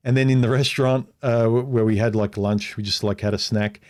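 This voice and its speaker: On a laid-back livestream, a middle-aged man recounts something from his own life in a low, slightly mellow voice with a steady tone and brisk pace. His delivery is candid and meandering, full of restarts and performed quotes.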